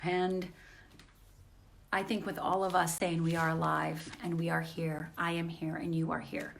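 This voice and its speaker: A woman's voice: low-pitched, flat delivery, a little slow, vocal fry, a little hiss or hum. A woman hosting a motivational live stream from home on her phone. She talks in an earnest, encouraging way and often repeats phrases.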